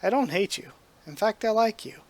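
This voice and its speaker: A man's voice: high voice, animated, moderate pace, pitched above the performer's own voice. A man voicing a bold, free-spirited teenage fox girl from a manga, speaking directly and teasingly. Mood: affectionate.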